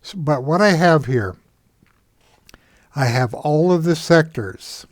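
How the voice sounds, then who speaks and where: A man walks through a software screen in a tutorial, unhurried, pausing often with "uh" and correcting himself. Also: on the high side, animated, dry recording, studio quality. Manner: unhurried, many "uh" pauses and self-corrections. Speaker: trading software instructor.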